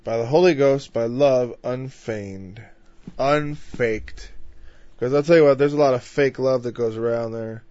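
A man's voice: mid-range voice, unhurried, darkish tone, dry recording. A man from northern Illinois leading an informal Bible study in a conversational way. He asks rhetorical questions and often says "you know.". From northern Illinois, USA. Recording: dull, dry lo-fi recording.

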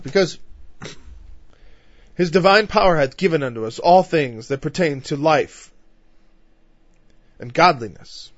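A man's voice: on the high side, lively intonation, slow, long pauses, no room sound. A man from northern Illinois leading an informal Bible study in a conversational way. He asks rhetorical questions and often says "you know.". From northern Illinois, USA. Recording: dull, dry lo-fi recording.

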